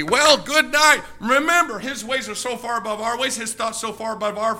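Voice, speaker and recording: A male pastor preaching a fiery sermon, emphatic, swinging between shouted passages and hushed ones. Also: very high-pitched, sing-song, moderate pace, hardly any pauses.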